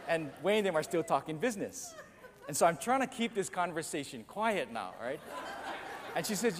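A man's voice: on the high side, sing-song, normal speed. A man preaching a sermon as pastor, telling a self-deprecating story and acting out the other voices. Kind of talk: sermon with a humorous personal story. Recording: long church reverb, faint noise.

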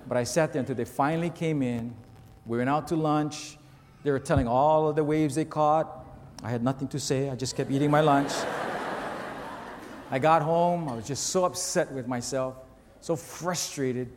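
A male pastor preaching a sermon, telling a story in an animated way with self-mocking humor. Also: on the high side, normal speed, in a large hall.

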